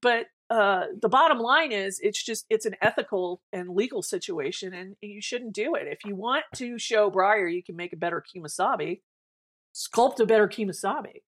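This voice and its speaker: A woman's voice: medium pitch, lively intonation, moderate pace, fairly bright tone. A woman co-hosting a podcast in casual chat, blunt and opinionated, often restarting her sentences.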